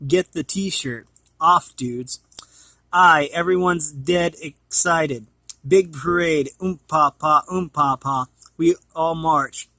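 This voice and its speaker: A man reading a storybook aloud in a put-on Scottish accent, loud and dramatic. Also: on the high side, slow pace, dry recording. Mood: booming excited.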